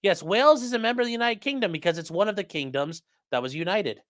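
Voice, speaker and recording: Guy streaming and reading chat out loud, goofy, voice bouncing up and down a lot, kinda high for a dude. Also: expressive, quick pace. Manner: jokey, rambling, reads viewer comments aloud. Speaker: livestream host reading chat. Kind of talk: casual livestream chat.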